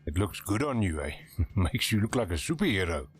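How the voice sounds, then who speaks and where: An actor playing a rugged older-brother helicopter tour pilot with a South African accent, blunt and easygoing, in a game. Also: male voice, sits low, sing-song, brisk, soft background music. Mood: gruff.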